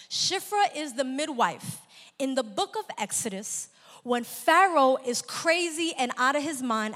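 Woman preacher, high bright voice, chatty and laughing, big echo. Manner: lively, conversational, laughs often. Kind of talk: sermon.

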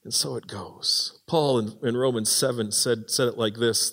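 A man preaching a sermon in a church, animated and acting out the voices he quotes. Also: mid-range voice, moderate pace. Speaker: pastor. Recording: long hall reverb.

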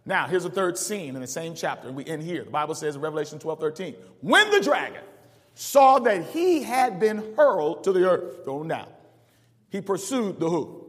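High-voiced preacher in an echoing hall. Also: male voice, big pitch swings, moderate pace. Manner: preaches with rising call-outs and asks the congregation to finish verses. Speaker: pastor. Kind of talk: call-and-response sermon.

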